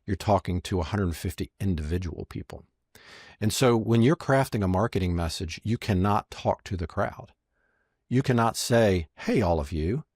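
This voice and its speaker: Speaking at a moderate pace with a fairly low pitch, a magician and marketing strategist shares stories as a podcast guest. He's a lively teller who acts out quoted lines, and the studio recording is clean with no room sound.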